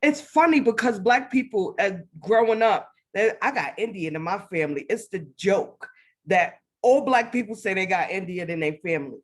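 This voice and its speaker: A woman telling a personal spiritual story as a guest, animated, acting out her own past words. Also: mid-range voice, moderate pace. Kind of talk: casual faith testimony.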